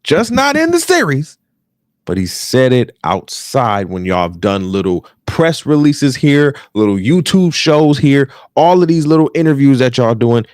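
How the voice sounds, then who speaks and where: A man's voice: medium pitch, very animated, measured pace, a little mellow, no echo, clean studio sound. An American man with an African American English accent hosting a podcast, ranting casually and profanely, repeating phrases for emphasis. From United States. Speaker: podcast host.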